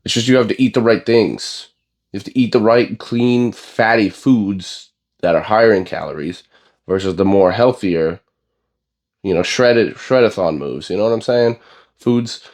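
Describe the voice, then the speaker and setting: A young man with a low voice gives a casual gym vlog rant. He is blunt and profane and wanders through fillers and restarts. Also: a little slow, a little mellow. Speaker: bodybuilding vlogger.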